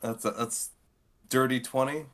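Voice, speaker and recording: A man playing a tabletop game, making slow, relaxed remarks. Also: medium pitch, heavy background noise. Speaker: player. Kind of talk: casual chat at a game table.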